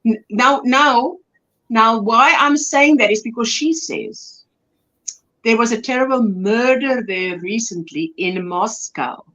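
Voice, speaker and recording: A woman's voice: fairly high pitch, takes it slowly, fairly bright tone, rough recording. A woman from South Africa hosting a casual crochet livestream, chatty and laughing often. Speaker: livestream host.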